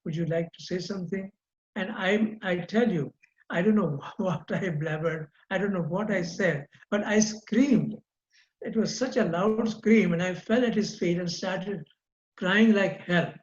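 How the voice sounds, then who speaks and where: An older man, a guest recounting personal memories in an earnest, halting way with frequent repeated words. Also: sits high. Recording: roomy, dull lo-fi sound.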